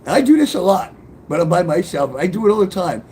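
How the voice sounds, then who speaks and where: Rambling New man, wildly lively pitch. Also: fast talker, a little hiss or hum. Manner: rambling, swearing, tearful outbursts. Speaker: author telling his life story. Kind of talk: emotional personal testimony.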